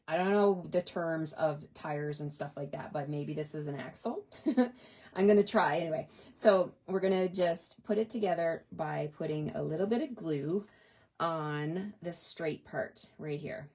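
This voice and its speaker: A woman's voice: low-pitched, unhurried, a little mellow. A woman from Canada demonstrating a paper craft in a casual tutorial. She chats with viewers, talks to herself as she works and laughs often. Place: home craft desk.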